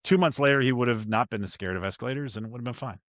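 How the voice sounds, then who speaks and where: A man of middle pitch speaks in a casual, self-questioning way, often restarting his sentences as he works through a memory. The sound is dry and close, with no room echo. He is a podcast host sharing his own story with a guest. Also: very fast, fairly bright tone. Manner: candid, self-reflective, many restarts.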